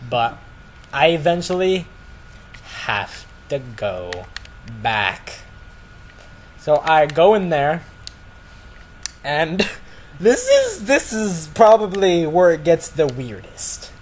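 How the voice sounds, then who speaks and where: A man tells a long story to his friends in a slow, unhurried way, his voice sitting a bit high. He rambles, stacks up "like" and restarts his sentences. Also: a little hiss or hum, poor audio.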